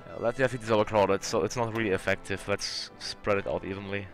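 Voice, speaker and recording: A young man talks his way through a strategy game at his desk microphone, voice sitting on the low side. He reasons aloud over every move and swears in disbelief when the game glitches. Quiet music plays faintly under him. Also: steady tone, fairly quick. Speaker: let's play host.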